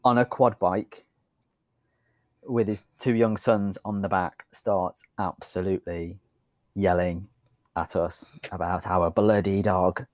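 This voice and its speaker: A man's voice: low-pitched, fairly even intonation, slow, no room sound. A British man in casual chat who tells a rambling anecdote in an understated way. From United Kingdom.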